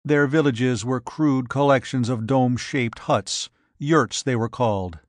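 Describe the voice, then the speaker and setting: A man narrating an adventure story in a measured, even reading. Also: medium pitch, no echo, clean studio sound. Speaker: audiobook narrator.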